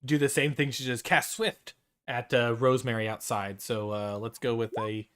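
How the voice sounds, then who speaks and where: A man narrating a tabletop game as game master, in a loose, halting way full of fillers and restarts. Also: mid-range voice, level tone, a bit bright, smooth. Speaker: dungeon master.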